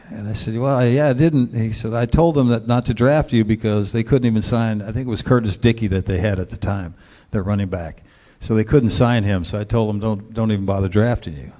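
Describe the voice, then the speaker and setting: A man's voice: lowish voice, warm tone. A man in his sixties, a guest speaker telling a long, wry story to a luncheon club in a laid-back way.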